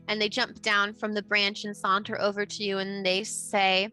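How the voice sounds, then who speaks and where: A woman's voice: medium pitch, flat delivery, normal speed, hardly any pauses, bright, forceful tone, soft background music, rough recording. A woman narrating as game master in a casual, chatty way.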